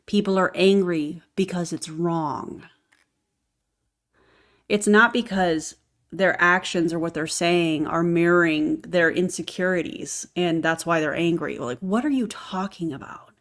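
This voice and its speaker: A woman's voice: on the low side, unhurried. A woman giving reaction commentary on a video, sarcastic and exasperated in her asides.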